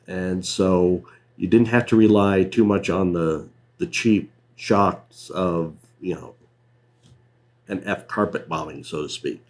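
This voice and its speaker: Man, low voice, slow delivery, talking through writing tips with relaxed asides. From New England, USA. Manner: unhurried storytelling with asides. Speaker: writing advice presenter. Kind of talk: casual talk on writing craft.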